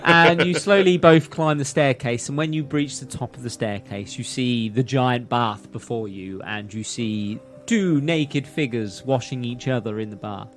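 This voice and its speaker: A man's voice: medium pitch, measured pace, few pauses. A man narrating as game master for a tabletop game, laughing often as he talks.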